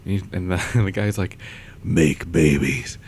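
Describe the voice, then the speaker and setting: Young male vlogger, deep voice, loose chatty storytelling, faint background hiss. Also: level tone, fast talker, darkish tone. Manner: rambling, chuckles often, many fillers. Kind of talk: casual storytelling.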